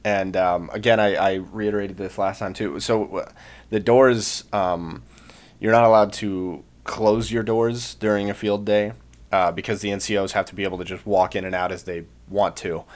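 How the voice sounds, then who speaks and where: Young guy rambling thru a story, lots of ums, lowish voice, yells out the quotes. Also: fairly even intonation, normal speed. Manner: rambling, many fillers, acts out quoted shouts. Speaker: podcast co-host, Marine veteran. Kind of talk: casual storytelling.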